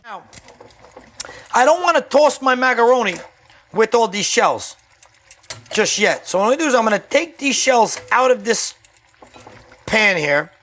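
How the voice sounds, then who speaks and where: A man's voice: very high-pitched, very animated, moderate pace, pauses often, a bit bright. A man hosting a home cooking show, demonstrating a dish in a casual, chatty way and often checking in with "okay?". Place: home kitchen.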